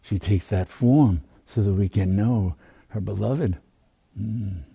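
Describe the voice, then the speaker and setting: Meditation teacher, male, low husky voice, very slow and gentle. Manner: soft, unhurried, drawn-out phrasing. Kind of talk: slow spiritual talk.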